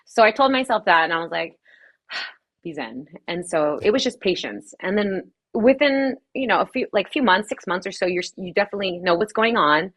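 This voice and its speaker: A woman from Los Angeles talks quickly and casually as a guest on a podcast. She laughs often and swears freely as she chats about her work as a DJ and streamer. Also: mid-range voice, lively intonation, a bit bright.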